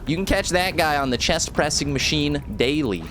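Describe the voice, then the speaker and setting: Chatting with his viewers while he plays, this streamer from the rural United States jokes around and rambles through casual live gameplay commentary. His voice sits on the high side at a normal speed. Background noise and faint music come through on the recording.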